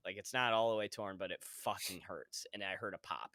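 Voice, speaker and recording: A man's voice: low voice, fairly quick, bright, forceful tone, dry recording, clean studio sound. A young man co-hosting a podcast, telling stories in a laid-back, swear-heavy casual chat. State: injured foot, hobbling. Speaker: podcast co-host.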